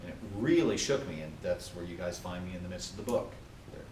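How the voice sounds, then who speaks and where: A man giving a motivational training talk to a group, animated and often asking his listeners questions. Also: sits low, fast talker, noisy background. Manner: animated, asks the audience questions. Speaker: workplace trainer. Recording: echoey room from far off.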